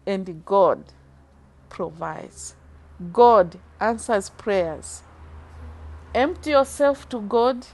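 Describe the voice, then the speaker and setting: A middle-aged woman tells her faith testimony in an interview, earnest and deeply moved. She speaks slowly and deliberately, with a voice of ordinary pitch for a woman. Her delivery is sincere and heartfelt throughout. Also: expressive. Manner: earnest, slow and heartfelt, moved to tears at times. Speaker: church member giving a testimony.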